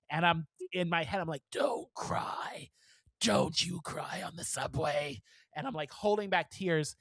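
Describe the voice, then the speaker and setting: Animated man in his forties telling a story. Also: high voice, smooth, dry recording, studio quality. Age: 40s. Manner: animated storyteller, swears, laughs mid-sentence. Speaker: podcast co-host. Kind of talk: casual chat.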